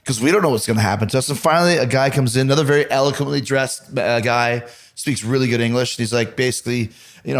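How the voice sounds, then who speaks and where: A man hosting a podcast, telling lively anecdotes in casual chat, swearing now and then. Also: mid-range voice, quick pace. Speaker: podcast host.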